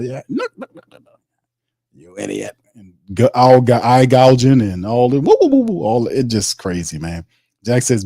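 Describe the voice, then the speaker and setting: A man's voice: medium pitch, big pitch swings, normal speed, a little mellow, breathy edge, dry recording, studio quality. A man hosting a live sports stream, casually reading viewer comments aloud and breaking down draft picks in slangy chat. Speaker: host.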